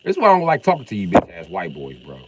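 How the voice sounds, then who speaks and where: A middle-aged man from Illinois ranting on a live stream, confrontational and profane, swinging from loud outbursts to mock calm. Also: sits low, fast, very noisy. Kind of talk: heated live-stream rant.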